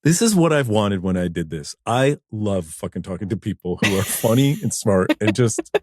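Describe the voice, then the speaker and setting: A man hosting a podcast, talking bluntly and excitedly, swearing freely in casual chat. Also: fairly low pitch, normal speed, no echo, clean studio sound. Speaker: podcast host.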